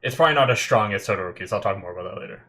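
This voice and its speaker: A man reacting aloud to an anime episode, exclaiming and thinking out loud, getting teary and emotional. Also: lowish voice, lively intonation, very fast. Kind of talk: live reaction commentary.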